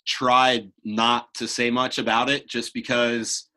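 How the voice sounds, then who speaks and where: A man's voice: mid-range voice, little pitch movement, takes it slowly, pushed and bright. A man hosting a podcast from his home office, speaking in earnest, emphatic declarations before easing into conversation. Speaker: podcast host. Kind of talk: podcast interview and opening monologue.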